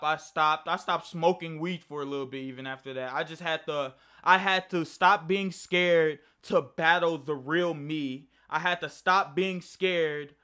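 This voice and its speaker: Young guy, high and bright, rambling storytime with plenty of swearing. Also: smooth. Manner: rambling and profane, with frequent restarts. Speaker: vlogger. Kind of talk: casual storytime.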